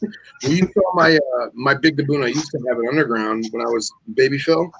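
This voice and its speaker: A man's voice: medium pitch, brisk, gravelly, a bit bright, husky. A man co-hosting a casual podcast chat, telling animal stories and acting out the quotes. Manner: storytelling, acts out quotes. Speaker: podcast co-host.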